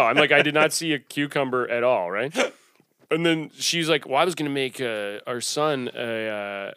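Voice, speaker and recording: A man's voice: mid-range voice, normal speed, bright, forceful tone, clear, resonant tone, dry recording. A man, a comedian, telling rambling, self-mocking stories in casual podcast chat, laughing often.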